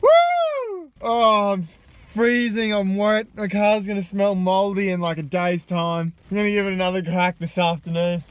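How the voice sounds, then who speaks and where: An Australian man talking to viewers while fishing off an ocean rock wall, exclaiming excitedly as fish bite and chatting casually between casts. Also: high-pitched, normal speed, clean tone, no room sound, rough recording. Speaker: fishing vlogger. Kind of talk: outdoor fishing vlog commentary. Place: outdoors on a rock wall by the sea. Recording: loud wind and surf noise outdoors.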